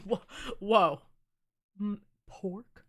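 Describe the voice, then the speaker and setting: A woman's voice: mid-range voice, extremely slow, fairly bright tone. A woman in her twenties, a streamer chatting casually and playfully with her live chat, teasing and filling her talk with "like".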